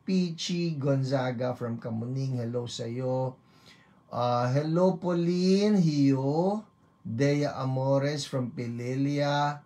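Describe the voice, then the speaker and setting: A woman's voice: a bass voice, slow, a little mellow. A woman with a Filipino accent hosting an online church program. She reads out viewers' greetings in a chatty, playful way, mixing English and Tagalog and trying out foreign greetings. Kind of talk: reading out viewer greetings, Taglish chat.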